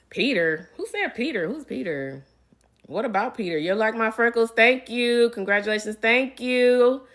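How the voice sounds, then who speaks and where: A woman's voice: fairly high pitch, lively intonation, unhurried, pauses often, a bit bright. A middle-aged woman in casual livestream chat. She reads out viewer comments and answers them in a chatty way, calling her viewers y'all. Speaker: reality TV personality answering live viewer comments.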